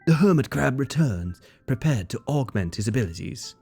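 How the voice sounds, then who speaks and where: Solemn nature narrator guy, as a streamer puts him on, measured, faint game music behind. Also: mid-range voice, sing-song, creaky, a little mellow, slightly rough, heavily acted. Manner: measured, grave documentary delivery.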